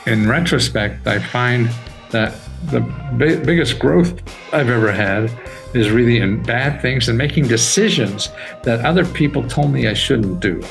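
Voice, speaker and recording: An older man talking as a podcast guest, animated and laughing often, with his voice jumping high when he gets excited. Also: a little slow, gravelly, faint music behind, poor audio. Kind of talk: casual interview talk.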